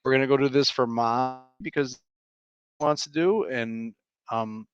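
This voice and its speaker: A man in his thirties co-hosting a podcast, joking around and then laying out his reasoning in a relaxed chat. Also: medium pitch, unhurried. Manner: joking, playful, then plainly explaining. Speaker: podcast co-host. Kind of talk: casual chat. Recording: slightly dull, muffled audio.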